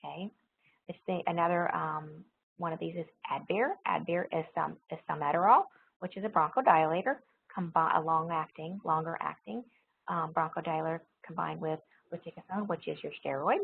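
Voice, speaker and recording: A woman teaching a recorded pharmacology lecture, explaining step by step, repeating key points and pausing with frequent ums. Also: low-pitched, creaky, narrow, tinny audio, slight background noise. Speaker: nursing pharmacology instructor.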